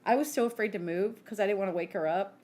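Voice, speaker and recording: A woman's voice: medium pitch, fast, a little mellow. A woman in her forties co-hosting a podcast, telling stories in a chatty way with lots of "like" and acted-out quotes. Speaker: podcast co-host. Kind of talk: casual chat.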